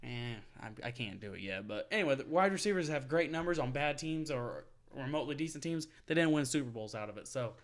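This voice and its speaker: A man's voice: medium pitch, animated, a little fast, few pauses. Ranting profane young man on sports. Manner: profane, ranting, laughs often. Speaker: podcast co-host. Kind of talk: casual sports chat.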